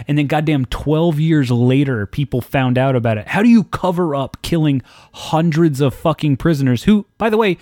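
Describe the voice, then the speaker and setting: A man's voice: mid-range voice, no room sound, clean studio sound. Ranting, foul-mouthed podcast man. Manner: animated, swears heavily, ranting. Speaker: podcast co-host. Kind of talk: casual profane podcast chat.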